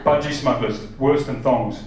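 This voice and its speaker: Heard from a distance in an echoey theater, a man in his forties does brash stand-up, swearing and bantering with the crowd as audience laughter rises. His voice is medium-pitched and measured in pace, and the recording is very noisy.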